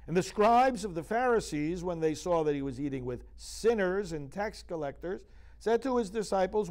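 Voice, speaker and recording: A man's voice: sits high, lively intonation, normal speed, darkish tone. A male priest giving a scripture reflection, reading Bible passages aloud and building to emphatic, urgent preaching. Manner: reads scripture aloud, then grows fervent and emphatic.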